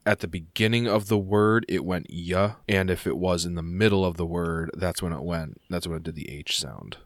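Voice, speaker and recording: A man with a low voice running a tabletop game, thinking aloud in a halting, musing way during a relaxed podcast chat. The recording is dry and close. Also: no echo. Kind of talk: casual chat.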